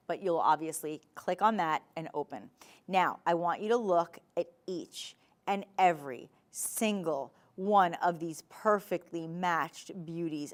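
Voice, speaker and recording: A woman with a New Jersey accent hosting a live TV shopping show, pitching jewelry in a chatty, animated sales patter. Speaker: shopping channel host. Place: TV studio.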